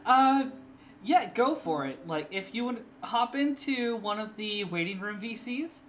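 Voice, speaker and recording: A man's voice: high-pitched, animated, measured pace, a bit bright, slight background noise. A young man streaming casually, chatty and eager to explain, laughing often. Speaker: streamer and artist. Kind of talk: casual live-stream chat. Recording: clear background music.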